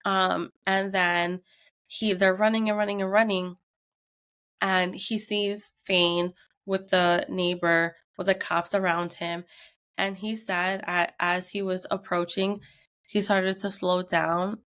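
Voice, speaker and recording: A woman's voice: lowish voice, slow pace, smooth. A woman in her thirties, a podcast co-host, telling a tense family story in casual chat and acting out the quotes. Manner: animated retelling with acted quotes.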